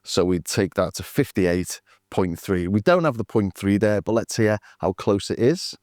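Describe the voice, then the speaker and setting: A man's voice: lowish voice, animated, moderate pace, a little mellow, no echo, studio quality. A man casually demonstrating drum machines, thinking aloud as he works through settings and numbers. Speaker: synth demo host.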